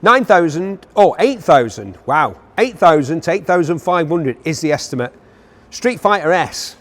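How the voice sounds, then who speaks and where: A man's voice: on the high side, very animated, moderate pace. A man with an enthusiastic, joking manner, presenting motorcycles for an auction preview and making asides to his cameraman.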